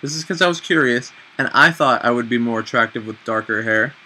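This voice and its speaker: A man in his twenties giving casual, self-mocking advice in a chatty, animated way on a home vlog. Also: medium pitch, brisk, slight background noise, rough recording. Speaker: vlogger.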